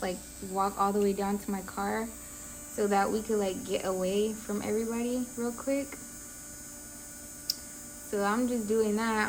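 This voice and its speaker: A woman in her twenties, a vlogger telling a personal story in a casual, animated style with lots of "like"s. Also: a little high, slight background noise. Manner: casual, animated retelling with many "like"s. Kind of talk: storytime chat.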